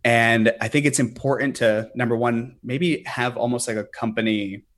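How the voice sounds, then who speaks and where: A man's voice: mid-range voice, fairly even intonation, normal speed, fairly bright tone. A man who runs a business, a guest on a podcast, explaining his methods earnestly with frequent fillers and restarts. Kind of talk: podcast interview.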